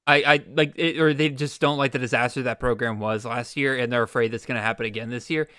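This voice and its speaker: Bright-voiced man hosting a draft stream. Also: mid-range voice, steady tone, fast talker, clean tone, no room sound, studio quality. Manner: thinks aloud, restarts, mock exasperation. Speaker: podcast host. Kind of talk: live-streamed fantasy draft chat.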